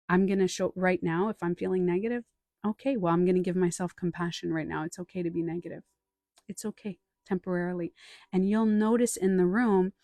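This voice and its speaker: A woman's voice: on the low side, no room sound. Chatty woman coach, dry sound. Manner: chatty, animated storytelling with acted-out quotes. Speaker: life coach and author. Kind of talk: live stream talk answering chat.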